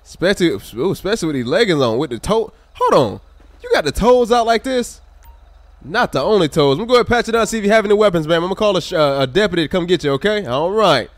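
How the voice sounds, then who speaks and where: A man's voice: high-pitched, expressive, fast talker, no echo. A man livestreaming a police game, joking around and thanking viewers in the chat. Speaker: gaming livestreamer. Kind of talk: live game commentary and chat shout-outs.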